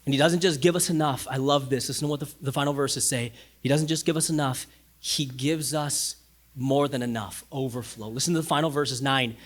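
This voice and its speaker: A man pastor delivers a sermon in a high-pitched voice. He swings from loud, pressing emphasis to quiet lines that are almost whispered, and he repeats key phrases to drive them home. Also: a little fast.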